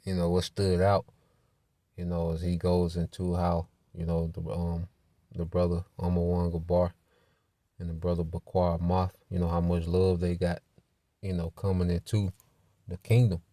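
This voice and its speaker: A man's voice: low voice, monotone, normal speed, dark tone, dry recording, clean studio sound. A man teaching a church Bible lesson in a conversational way, full of "you know" and "man".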